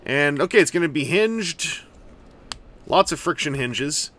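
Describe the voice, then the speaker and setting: A man's voice: fairly high pitch, lively intonation, a little slow, a bit bright, a little hiss or hum. A man giving casual, rambling commentary while building and unboxing a collectible toy, with jokey asides. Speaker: toy reviewer.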